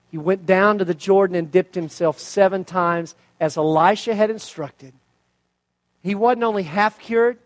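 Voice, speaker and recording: Pastor, male, very high voice, lively storyteller, rhetorical questions. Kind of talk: sermon.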